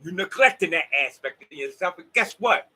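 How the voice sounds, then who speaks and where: A man's voice: high-pitched, lively intonation, a little fast, bright, forceful tone, low-quality recording. A man with a Southern US accent giving a rambling, preachy motivational monologue straight to his viewers. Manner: preachy, emphatic, talks straight to the audience. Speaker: vlogger.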